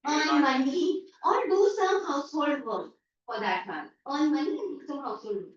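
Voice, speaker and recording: An expressive woman teacher with an Indian English accent speaks at a moderate pace in a high voice, explaining a story to an online class. She paraphrases lines and acts out everyday remarks, and the video-call sound is echoey, distant and dull.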